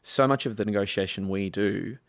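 Low gravelly guy hosting a biz panel, dry mic, asks long questions. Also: brisk, dry recording. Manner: reflective, posing long questions. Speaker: panel host. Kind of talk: business discussion.

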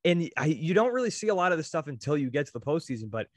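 A young man co-hosting a casual sports chat, enthusiastic and quick to cite stats. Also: a little high, sing-song, no echo. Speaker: sports podcast co-host.

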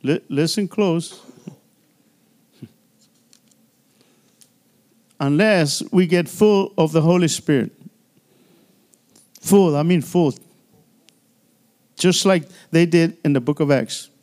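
A male pastor delivering a church sermon with a voice pitched a little high for a man. He preaches in a loose, chatty way, filling it with "you know" and "hallelujah" and often stumbling back over his words. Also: takes it slowly, pauses often, darkish tone. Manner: repeats and restarts words often.

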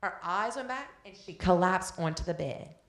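A woman's voice: fairly low pitch, animated, normal speed. A middle-aged woman preaching a sermon, telling stories earnestly and reading scripture aloud. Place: event hall. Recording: echoey hall.

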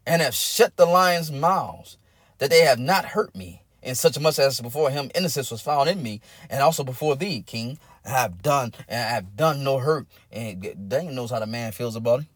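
A man's voice: medium pitch, lively intonation, moderate pace, a bit bright, husky, no echo, clean studio sound. A man preaching a sermon, building in rising, intense cadences and breaking into bursts of tongues.

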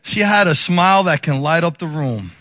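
A man in his forties, a pastor telling a personal story in a sermon, animated and laughing often as he acts out the people in it. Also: on the high side, normal speed, dry recording, studio quality.

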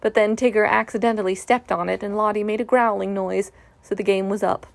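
Gravelly woman reading a storybook. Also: medium pitch, fairly even intonation, brisk, no echo.

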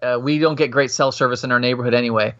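A man chatting casually and telling long stories, full of restarts, acting out quotes in a higher voice. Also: fairly even intonation, fast, a bit bright. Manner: rambling storyteller, acts out quotes in a higher voice. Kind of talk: casual chat. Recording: muffled, lo-fi sound.

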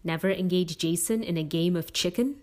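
A woman's voice: fairly low pitch, brisk, a little mellow, natural voice. A woman voicing a curious, wry teenage girl in a storybook reading.

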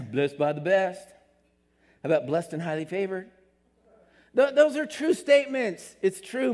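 A man preaches in a church sanctuary, his slightly high voice trailing off into a long hall reverb. He delivers an animated sermon, jumping up in pitch for emphasis and playing out quoted voices. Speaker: pastor.

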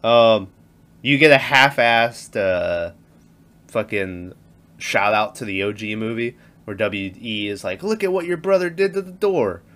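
A man's voice: fairly low pitch, expressive, a little slow, fairly bright tone. A man in casual movie chat who laughs often, acts out lines from the film and swears freely. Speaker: podcast co-host.

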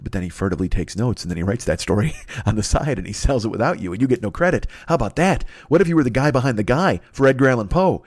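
Fast-rambling profane man in his fifties. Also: medium pitch, animated, a little mellow. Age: 50s. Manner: profane, riffing, acts out silly voices. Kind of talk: rambling comedic monologue.

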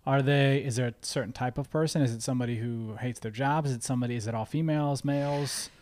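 Joking laid-back male interviewer. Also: medium pitch. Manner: joking, relaxed, quick to agree. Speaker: interview host. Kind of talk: casual interview chat.

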